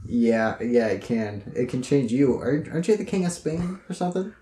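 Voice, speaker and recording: A man's voice: medium pitch, expressive, normal speed, mellow, slight background noise. Chill guy playing a tabletop game, laughs a lot, echoey. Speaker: player.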